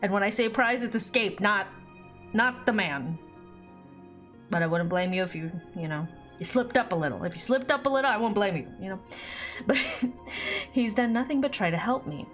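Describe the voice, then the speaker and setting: A woman's voice: medium pitch, animated, moderate pace, pauses often, fairly bright tone, soft background music. A woman streaming a visual novel, reading it aloud with giggly, chatty commentary. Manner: giggly, laughs often, chatty asides. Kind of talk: casual let's-play commentary and reading aloud.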